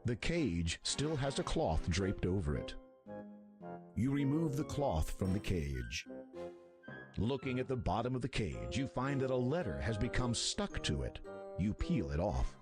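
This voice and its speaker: Casting: low male narrator, measured storybook delivery, lively pitch. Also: over music. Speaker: game narrator. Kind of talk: scripted narration.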